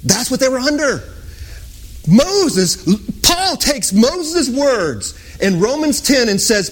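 Impassioned high-voiced male preacher. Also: very animated, takes it slowly. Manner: impassioned, swings from loud sung-out lines to hushed whispers. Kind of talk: sermon.

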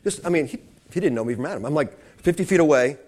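A man's voice: a little high, expressive, quick pace, darkish tone. A man preaching a sermon, telling stories with many restarts and building to fervent emphasis. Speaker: pastor.

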